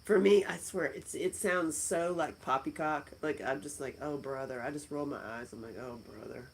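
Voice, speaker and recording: A woman's voice: deep voice, moderate pace, a little hiss or hum, poor audio. A middle-aged woman hosting a casual live stream, chatting and laughing as she answers viewer comments from a friend's house. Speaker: livestream host.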